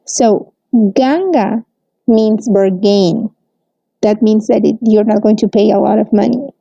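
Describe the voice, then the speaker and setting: Woman, English teacher, unhurried, dull dry recording. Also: medium pitch, vocal fry, dark tone, no echo. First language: Spanish. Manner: slow, careful explaining with frequent "mm-hmm" and "okay". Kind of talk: recorded language lesson. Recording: dull, muffled, close and dry.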